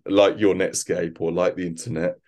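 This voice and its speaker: A man speaking as an expert guest in a conversational interview, thoughtful and halting, with frequent restarts. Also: low-pitched, little pitch movement, a little mellow. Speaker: quantum computing expert guest.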